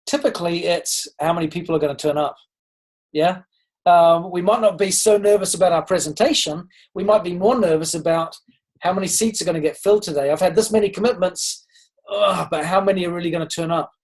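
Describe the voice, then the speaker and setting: This leadership coach speaks a bit quickly in a high voice, and the recording is rough. Addressing a group call with a motivational talk on leadership, he sounds earnest and encouraging, asks his listeners questions directly, and frequently starts over with ums.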